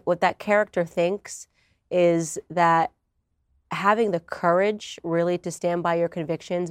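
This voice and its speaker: Woman from the US, interview guest, lowish voice, confident and earnest, dry close mic. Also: no room sound. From United States. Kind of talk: conversational interview.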